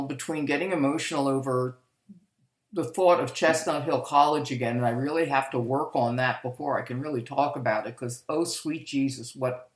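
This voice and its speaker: This older woman has a very deep voice, and the home recording is reverberant. She shares her life story as a podcast monologue, speaking frankly and meanderingly while often correcting herself.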